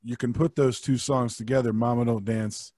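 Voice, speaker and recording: A man guest on a podcast, chatting in a loose, jokey way at a medium pitch. His voice sounds close and dry, with no room echo. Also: fairly even intonation, moderate pace, darkish tone. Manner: jokey, sings snatches of songs. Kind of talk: casual chat.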